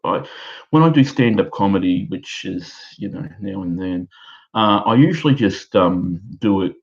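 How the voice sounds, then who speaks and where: A gravelly, fairly low-voiced Australian man in his thirties rambles through a live stream from home. He is halting and self-deprecating, with fillers and restarts everywhere. The sound is dull and lo-fi, like a cheap home setup. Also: expressive. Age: 30s. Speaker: amateur stand-up comedian. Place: his own house.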